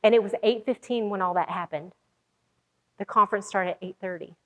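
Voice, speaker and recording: A woman's voice: mid-range voice, brisk, in a large hall. A woman who organizes conferences tells a story about her own work and acts out the lines other people said. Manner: animated, acts out quoted lines. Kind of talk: storytelling talk.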